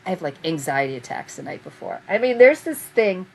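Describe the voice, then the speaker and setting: Lively storytelling woman with a lowish voice. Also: brisk, gravelly, slight background noise, rough recording. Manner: animated storyteller who laughs often and acts out quotes. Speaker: guest, vintage fabric reseller. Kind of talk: casual storytelling chat.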